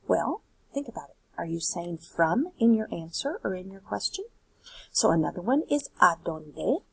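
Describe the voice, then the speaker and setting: A woman's voice: lowish voice, creaky, slightly rough, dry recording, poor audio. A woman teaching Spanish, explaining a worksheet step by step and asking rhetorical questions. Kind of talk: recorded worksheet lesson.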